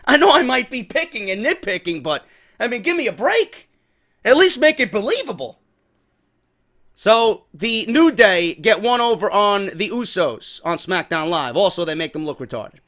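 A man with a fairly high voice reviews a wrestling show in a loose, profane rant. He sounds exasperated and often mocks what he describes. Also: sing-song, normal speed, bright, forceful tone. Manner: exasperated, profane, mocking impressions.

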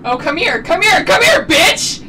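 A young woman streaming a shooter game, raging, yelling and swearing as she taunts her opponents. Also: very high voice, sing-song, normal speed, distant mic. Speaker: gaming streamer. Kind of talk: raging live gameplay commentary. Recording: loud game noise, voice off-mic.

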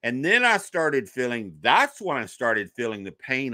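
A man appearing as a podcast guest, a paranormal investigator, tells a personal story in conversation, animatedly acting out the voices he quotes. His mid-range voice moves at a measured pace with few pauses, and there's no echo.

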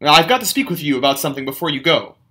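A man's voice: a little high, sing-song, fast talker, bright, forceful tone. A man voicing an anxious, stiff young man in a book reading, with tense, alarmed outbursts.

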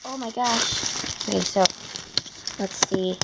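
A teenage girl chatting casually while unboxing a gift, excitable and gushing, rambling between thoughts. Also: medium pitch, slow pace, vocal fry, very noisy. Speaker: vlogger.

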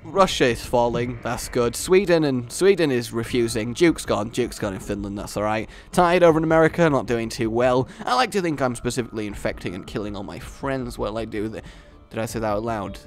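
A man giving casual, joking gameplay commentary as a channel host, with self-deprecating asides. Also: mid-range voice.

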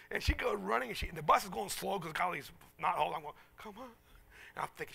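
Animated, bright-voiced male preacher. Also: on the high side, fast, creaky, breathy edge. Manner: animated, self-mocking, acts out voices in stories. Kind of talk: sermon with storytelling.

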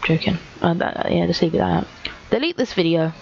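A woman's voice: fairly low pitch, fairly quick, vocal fry, highs cut off, slight background noise. A teenage girl reading out viewer comments in a casual, sarcastic, teasing way. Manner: sarcastic, teasing, self-mocking. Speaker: YouTuber.

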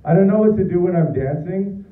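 A young man doing a stand-up comedy set, animated, crude and laughing at his own jokes. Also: high voice, brisk, distant mic. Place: bar or small club. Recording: tinny, roomy club recording from afar.

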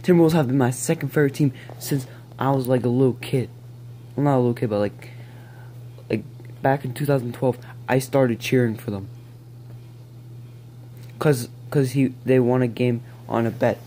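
A man ranting excitedly to camera at home, pleading and rambling as he begs and repeats himself. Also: medium pitch, normal speed, pauses often, slight background noise. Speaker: vlogger. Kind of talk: excited fan rant to camera. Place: at home, near a balcony.

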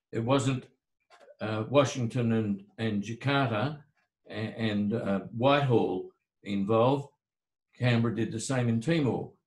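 An older man, speaking at a middling pitch. He talks haltingly and doubles back on his words as he lays out history, and his voice rings a little in a roomy space. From Australia. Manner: halting, repeats words while thinking aloud. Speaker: author and lawyer. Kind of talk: discussing history at a book talk. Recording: roomy echo.

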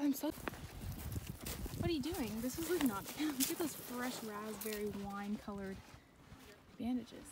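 A woman's voice: fairly high pitch, noisy background. A young woman in her twenties chatting casually on a phone camera at a horse barn, bubbly and often laughing. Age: 20s. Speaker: vlogger. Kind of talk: casual vlog chat.

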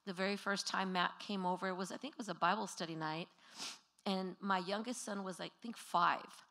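A woman's voice: medium pitch, steady tone, moderate pace, pushed and bright. A middle-aged woman, a former pastor, telling stories at a memorial in a church and acting out the voices of the people in them. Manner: storytelling, acts out children's voices. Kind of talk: memorial tribute.

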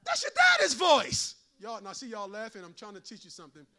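A man preaching a sermon as pastor. He is folksy and humorous, and he moves in a sing-song cadence from shouted peaks to quiet asides. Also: high voice, huge pitch swings, brisk.

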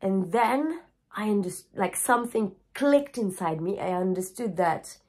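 Woman, unhurried delivery, frank and scattered, swears freely, emotional personal vlog. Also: mid-range voice, animated, darkish tone. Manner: emotional, openly tearful at times. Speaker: yoga teacher. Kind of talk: candid personal video talk.

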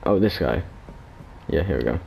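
A man's voice: low voice, animated, moderate pace, gravelly, highs cut off, slight background noise. A man commenting on his gameplay in a casual, rambling, joking way at a desk microphone. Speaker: gamer. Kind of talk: casual let's play commentary.

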